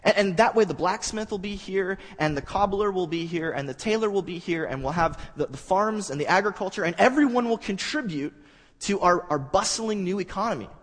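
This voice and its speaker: Preacher, man, slightly high and husky voice, casual halting delivery in a big echoing hall. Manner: conversational, halting with restarts, builds up animated. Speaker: pastor. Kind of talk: sermon.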